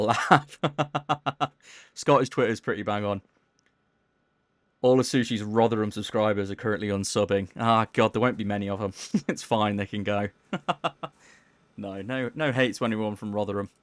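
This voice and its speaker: Low-key man streaming. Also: no echo. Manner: stumbles over words while playing. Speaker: gaming streamer. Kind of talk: casual live-stream chat, reading chat aloud.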